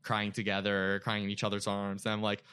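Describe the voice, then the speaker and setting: A man's voice: fairly low pitch, completely flat delivery, fairly quick, bright, forceful tone, smooth. A young man, a podcast guest, telling an emotional personal story in casual chat, full of filler words.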